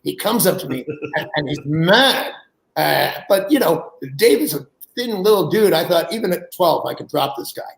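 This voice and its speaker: A man in his sixties, a guest, telling animated anecdotes and acting out the people he quotes. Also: fairly high pitch, normal speed, vocal fry, roomy sound, low-quality recording. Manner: animated storyteller who acts out quoted people, laughs mid-story. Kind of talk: anecdotal storytelling.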